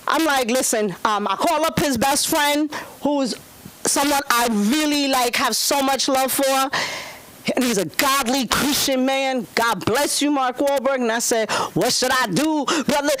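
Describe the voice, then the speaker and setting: Woman stand-up, 30s, brash and profane, high-pitched and bouncy, club mic with a faint hiss. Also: expressive, unhurried, fairly bright tone, rough recording. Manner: brash, profane, swings into high squealing voices for quoted people. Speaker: stand-up comedian. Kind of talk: stand-up set at an open mic. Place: comedy club stage.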